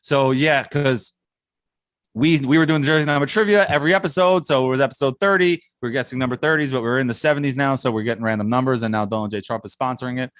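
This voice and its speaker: A male podcast co-host in casual sports talk, excitable and given to reading out rapid-fire lists. His voice sits at a middling pitch. The close mic gives a dry sound with no room around it. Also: no room sound.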